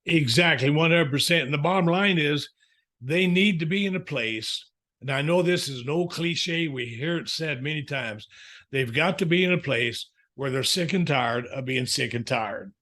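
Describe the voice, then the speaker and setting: A man's voice: a little high, normal speed, a bit bright. A man, a counselor and author, telling folksy stories in a podcast interview. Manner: folksy storyteller, chuckling asides.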